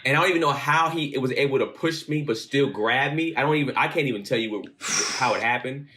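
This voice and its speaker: A man in his thirties, co-hosting a podcast, telling a story in casual chat, animated and swearing freely. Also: medium pitch, fast. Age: 30s. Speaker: podcast co-host.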